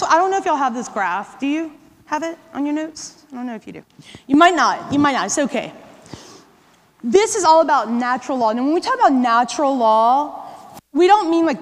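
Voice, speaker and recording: A woman giving a live workshop talk to catechists, conversational and often checking in with "right?" and "okay?". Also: high-pitched. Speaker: workshop presenter. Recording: long hall reverb.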